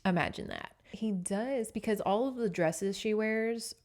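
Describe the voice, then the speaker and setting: A woman's voice: medium pitch, unhurried, darkish tone. Chatty, profane woman podcast host. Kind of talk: casual book recap.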